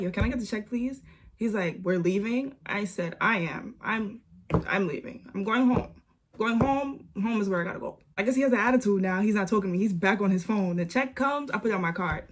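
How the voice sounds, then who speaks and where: A young woman, telling a storytime vlog story with animated repeats and lots of "like". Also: mid-range voice. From New York. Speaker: vlogger.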